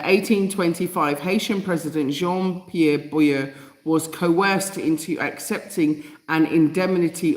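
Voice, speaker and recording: A woman hosting a live stream in a casual way. She reads from notes, restarts her sentences, giggles to herself now and then, and answers viewers' comments directly. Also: low-pitched. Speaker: livestream host. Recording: echoey room.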